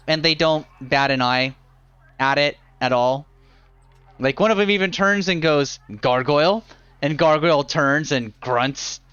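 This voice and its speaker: A man narrating a live tabletop game as dungeon master, describing scenes slowly with many fillers. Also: fairly high pitch, bright, forceful tone, smooth, dry recording, dull audio.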